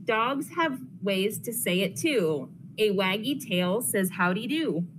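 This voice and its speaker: A young woman counselor intern, reading a rhyming picture book aloud to children in a lively, sing-song way. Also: medium pitch, takes it slowly. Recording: noisy classroom recording.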